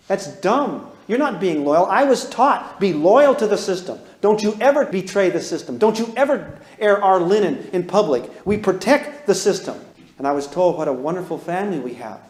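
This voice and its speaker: High-voiced man lecturing in an echoey room. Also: darkish tone. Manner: emphatic, drawn from his own life, peppered with rhetorical questions. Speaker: parenting course lecturer. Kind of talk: lecture to a live audience.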